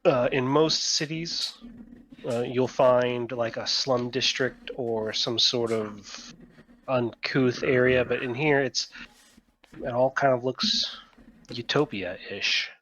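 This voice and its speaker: A man's voice: medium pitch, steady tone, slow pace, fairly bright tone, a little hiss or hum. A man narrating as game master of a tabletop game, hesitant with many fillers.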